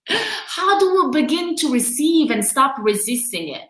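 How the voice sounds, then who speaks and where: Her high, sing-song voice moves slowly with frequent pauses and a slightly bright tone as she leads a motivational livestream from her quarantine home. The non-native-accented woman is candid, emotional, and laughs often, in echoey, low-quality audio.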